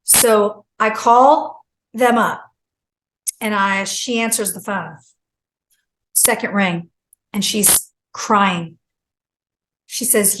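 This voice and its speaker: A middle-aged woman, a guest author on a talk show, tells a personal story with lively storytelling and acts out the quoted voices. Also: slow, long pauses, poor audio. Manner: acts out quoted speech with big pitch jumps. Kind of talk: animated storytelling.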